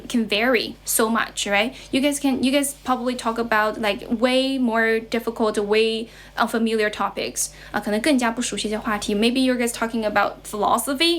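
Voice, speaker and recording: A woman's voice: a little high, fairly bright tone. A young woman with a Chinese accent teaching English on a livestream, explaining with lots of repetition and switching between English and Mandarin. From China.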